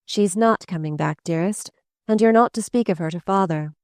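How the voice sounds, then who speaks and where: A woman narrator puts on a blunt, protective sister with no patience for false hope. She speaks low, clipped and matter-of-fact. The tone is smooth, clear and dry. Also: normal speed, darkish tone, no echo, close to an everyday voice. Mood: firm. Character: firm, protective adult sister, blunt and practical.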